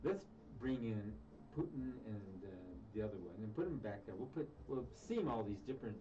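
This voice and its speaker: A man's voice: on the low side, lively intonation, moderate pace, warm tone, distant mic, muffled recording, a little hiss or hum. A man co-hosting a live radio talk show, chatty and easygoing, chuckling often.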